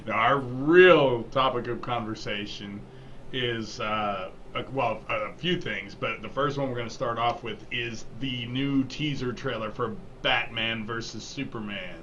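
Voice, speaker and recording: Casting: young adult male host, bright and forceful voice, upbeat, dull lo-fi recording. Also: mid-range voice, a little slow. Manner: upbeat, laughs easily. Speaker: podcast host. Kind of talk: casual chat. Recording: dull lo-fi sound with faint noise.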